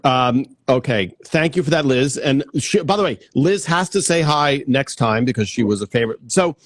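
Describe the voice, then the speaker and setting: A man's voice: medium pitch, animated, no echo. An easygoing male host chats with his guest over a video call. His voice sits in the middle range and sounds close and dry, with no room around it. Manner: easygoing, quick asides and laughs. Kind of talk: casual interview.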